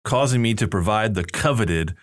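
Playful low-voiced man hosting a podcast. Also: lively intonation, normal speed. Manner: playful, laughs often, reads aloud with mock emphasis. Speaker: podcast host, seminary professor. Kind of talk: casual podcast banter, reading reviews.

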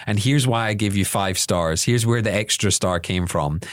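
A man's voice: on the low side, normal speed, no echo, clean studio sound. A man co-hosting a church podcast, teasing his co-host in a wry, joking way. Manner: wry, teasing, laughs along. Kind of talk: casual podcast banter.

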